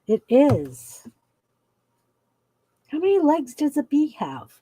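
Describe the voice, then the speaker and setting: A woman's voice: sits high, huge pitch swings, slow, mellow, no room sound, low-quality recording. A woman guest on a craft live stream, chatting casually and mostly agreeing with the host. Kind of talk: casual chat.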